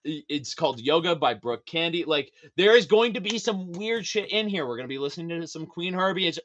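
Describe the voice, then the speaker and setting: Animated, profane man chatting on a podcast. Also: fairly high pitch, fairly quick, a little hiss or hum. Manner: animated, profane, laughs often. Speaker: podcast guest. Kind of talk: casual podcast chat.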